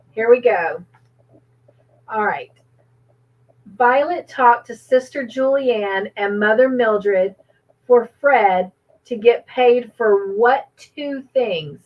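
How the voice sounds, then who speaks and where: A woman's voice: fairly high pitch, slow, highs cut off. A woman hosting a livestream trivia game, cheerfully reading out viewers' comments and laughing often.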